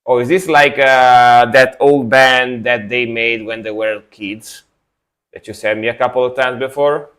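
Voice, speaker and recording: A man's voice: medium pitch, fairly even intonation, a little slow, fairly bright tone. A young man from Italy casually chatting to his live-stream audience, sleepy after a nap and rambling in a laid-back way. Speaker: streamer reacting to music.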